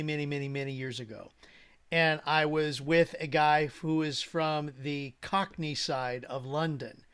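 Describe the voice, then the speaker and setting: A man's voice: a little high, a bit bright, clean tone. A man co-hosting a live online session, telling stories and calling on participants. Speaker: co-host, moderator. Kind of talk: casual chat, moderating callers.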